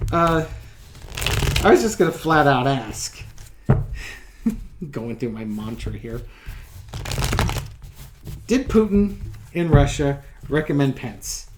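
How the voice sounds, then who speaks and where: A man's voice: on the high side, noisy background. A man hosting his own tarot channel, talking in a casual, offhand way, laughing between remarks and repeating his points for emphasis. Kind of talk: casual spoken commentary.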